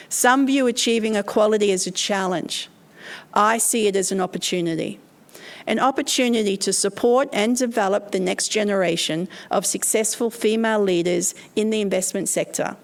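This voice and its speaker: Woman exec, gravelly croaky voice, formal speech, mid-range. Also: mid-range voice. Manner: measured, formal delivery. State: croaky from a cold. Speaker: keynote speaker, investment firm executive. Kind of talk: prepared speech.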